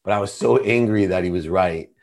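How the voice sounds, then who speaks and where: Earnest low-voiced middle-aged man. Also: fairly quick, vocal fry, a little mellow. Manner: earnest, confessional. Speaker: podcast guest. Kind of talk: personal storytelling in conversation.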